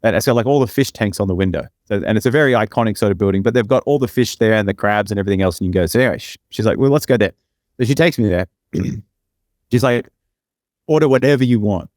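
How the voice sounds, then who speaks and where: A man's voice: fairly low pitch, very fast, no echo, clean studio sound. A man co-hosting a podcast, telling rambling stories full of fillers and restarts. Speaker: podcast co-host. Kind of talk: casual podcast chat.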